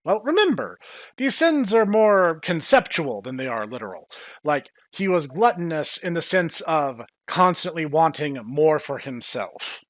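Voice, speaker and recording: A man's voice: a little high, measured pace, no echo. A man hosting a casual podcast who jokes around and acts out scenes as he recaps. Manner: animated, joking, acts out scenes. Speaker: podcast host.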